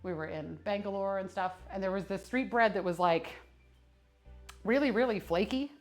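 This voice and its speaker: A woman's voice: medium pitch, normal speed, faint music behind. A woman in her thirties chatting candidly on a live fitness stream, laughing often and swearing freely. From United States. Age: 30s. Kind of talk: casual live-stream chat. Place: gym. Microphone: streaming camera mic.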